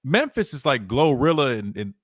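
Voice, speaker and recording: A young male sports radio host chatting loosely on air, his pitch swinging widely as he rambles and doubles back on himself. The sound is close and dry, with no room around it. He talks at an ordinary middle pitch. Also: moderate pace, breathy edge, no echo. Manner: rambling, animated, lots of restarts and "wait, hold on". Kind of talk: casual talk radio chat.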